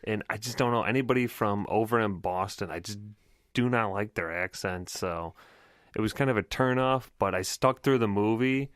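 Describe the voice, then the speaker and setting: A man with a lowish voice, blunt and dryly grumpy as he chats on a podcast. The sound is close and dry, with little room around it. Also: normal speed, clean tone, no echo. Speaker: podcast co-host. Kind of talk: casual podcast chat.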